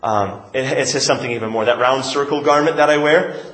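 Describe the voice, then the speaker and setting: A man's voice: mid-range voice, a little fast. A man, a pastor, teaching in a conversational sermon, asking questions and answering them himself. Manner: animated, shifting from emphatic to quiet. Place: church. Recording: echoey church room.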